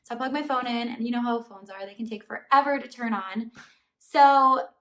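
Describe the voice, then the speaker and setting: A woman's voice: on the high side, normal speed. A woman vlogger telling a storytime to camera in a casual, chatty way, peppering her talk with "like". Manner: chatty, fillers of "like" throughout, animated retelling. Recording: voice somewhat far from the mic.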